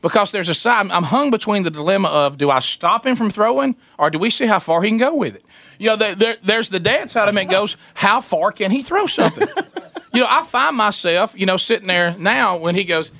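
A man in a casual chat, telling a family story with lots of laughter and squeaky impressions of a toddler. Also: a little fast, no echo. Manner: animated storyteller, high squeaky voices for a toddler, laughs often.

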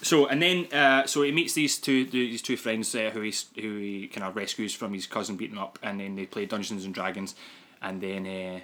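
A man's voice: on the low side, flat delivery, brisk, a bit bright. A man co-hosting a podcast, rambling through a casual movie review with many fillers and frequent laughs. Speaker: podcast co-host.

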